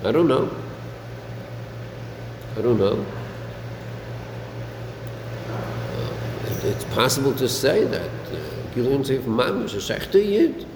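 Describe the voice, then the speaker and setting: A man with a mid-range voice teaches a Talmudic-style lesson to students in a study hall, taking it slowly and pausing often, with big swings in pitch. This Torah teacher questions his students and mixes in Yiddish and Hebrew terms. The room is echoey, with a faint air-conditioning hum.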